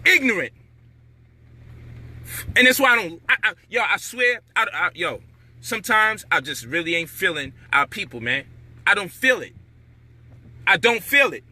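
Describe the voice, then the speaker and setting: Man, high-pitched, very bright tone, frustrated rant, profane, lecturing. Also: big pitch swings, moderate pace, pauses often. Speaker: commentator. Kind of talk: heated monologue rant.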